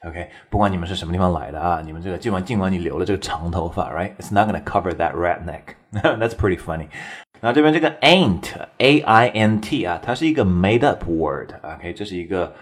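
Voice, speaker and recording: A man's voice: low-pitched, expressive, brisk, slightly rough. A man teaching English in a casual, chatty way, constantly checking in with the listener. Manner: chatty, keeps tagging "right?" and laughing. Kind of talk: casual explanatory lesson.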